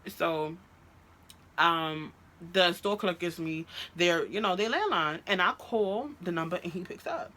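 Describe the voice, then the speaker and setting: A woman telling a story about her ex in a storytime vlog, animated and profane, recorded on a phone. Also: lowish voice, a little slow. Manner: animated, profane, recounts a fight with heated quoted outbursts. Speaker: vlogger telling a personal story.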